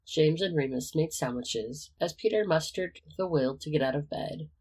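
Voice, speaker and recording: Storybook narrator, husky, breathy tone, steady pacing, mid-pitched voice. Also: normal speed, poor audio. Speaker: audiobook reader. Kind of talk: reading fan fiction aloud.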